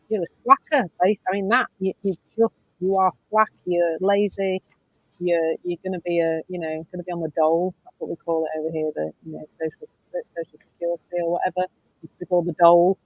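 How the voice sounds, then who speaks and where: Middle-aged woman, low voice, dry close sound, animated reflective chat over a video call. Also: no room sound, lo-fi sound. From Northern England. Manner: animated, laughing, thinks aloud. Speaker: podcast co-host.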